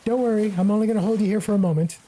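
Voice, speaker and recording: A woman's voice: mid-range voice, very fast, warm tone, natural voice, poor audio. Woman voicing a friendly young noblewoman.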